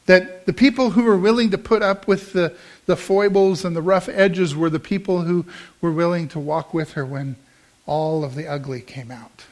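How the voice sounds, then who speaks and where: Male pastor, middle-aged, high voice, conversational storytelling sermon. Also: steady tone, moderate pace. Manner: storytelling, conversational with emphatic rises.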